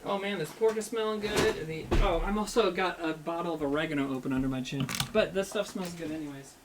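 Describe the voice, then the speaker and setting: A man's voice: fairly high pitch, a little fast, noisy background. A man chatting casually with his livestream chat while he cooks, rambling and swearing, joking at his own expense. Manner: rambling, profane, self-mocking banter with chat. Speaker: streamer cooking live.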